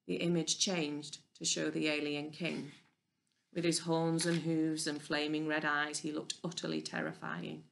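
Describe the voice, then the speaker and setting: Low, gravelly woman reading a story. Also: level tone, measured pace, fairly bright tone. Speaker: audiobook reader. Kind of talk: storybook narration.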